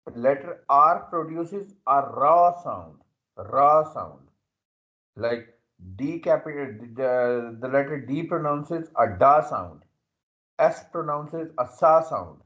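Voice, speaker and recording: A man gives an English lesson at a deliberate, unhurried pace, circling back over each point. He keeps checking that students follow with a quick "okay". The audio is dull and lo-fi. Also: a little high. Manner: repetitive, checks understanding with "okay". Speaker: English teacher. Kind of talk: slow classroom explanation.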